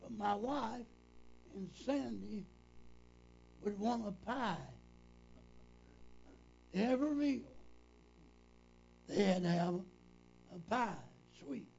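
An older male preacher with a deeply gravelly, creaky voice that still sits fairly high for a man. He tells his stories slowly and folksily, looping back through "said" as he retells old conversations. The recording is dull and lo-fi. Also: darkish tone, a little hiss or hum. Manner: folksy, repetitive, retells dialogue with "said". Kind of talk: reminiscing storytelling.

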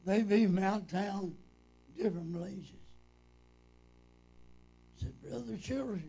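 A man's voice: high voice, slow pace, vocal fry, pauses often, warm tone, husky. An older man, a preacher, reminiscing in a folksy, repetitive storytelling way and retelling conversations, on a dull lo-fi recording.

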